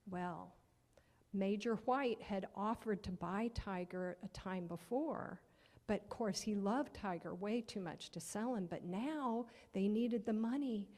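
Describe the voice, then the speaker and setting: A woman's voice: medium pitch, unhurried, darkish tone, long reverb tail. A woman telling a children's story at church, asking the children questions and often dropping to a near-whisper.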